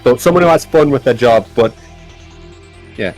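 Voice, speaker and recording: A man, a game developer and amateur voice actor, chatting casually on a stream, animated and self-deprecating, laughing often. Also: mid-range voice, moderate pace, soft background music.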